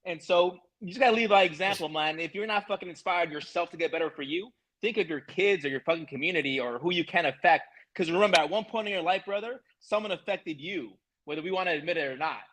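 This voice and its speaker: A man with a high voice speaks emphatically and swears freely while giving motivational talk as an interview host. He keeps it casual and matey, often saying "bro" and "man". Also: quick pace, few pauses, fairly bright tone, rough recording. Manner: emphatic, motivational, profane, calls listener bro.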